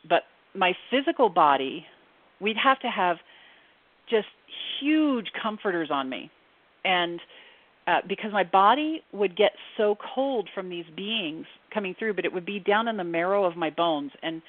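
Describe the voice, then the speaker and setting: A woman's voice: lowish voice, no echo. Earnest woman on a tinny line. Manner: slow, earnest, with frequent fillers. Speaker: guest medium. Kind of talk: casual interview talk. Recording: tinny phone-line audio.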